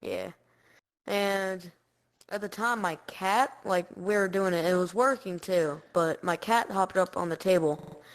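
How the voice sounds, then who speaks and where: A woman's voice: lowish voice, unhurried, rough recording. A woman guest on a casual podcast, telling school stories in a playful, slangy way.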